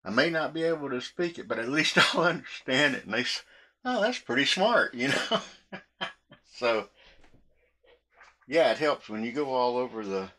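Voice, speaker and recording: A man's voice: mid-range voice, moderate pace, long pauses, pushed and bright. A man telling meandering stories while he cooks in his kitchen, chuckling often between sentences. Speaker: cooking vlogger. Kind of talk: rambling story told while cooking.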